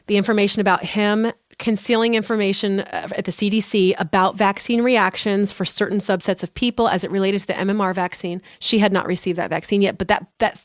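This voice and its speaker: A woman tells a personal story on a podcast, earnest and heartfelt. She leans on repeated phrases for emphasis. Her mid-pitched voice sits close and dry, with no room sound around it. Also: no room sound.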